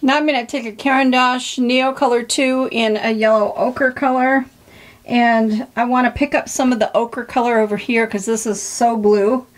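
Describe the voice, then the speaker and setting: A woman's voice: a little high, steady tone, moderate pace. A woman hosting an art tutorial, chatting casually and encouragingly as she demonstrates her work. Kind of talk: casual craft demonstration narration.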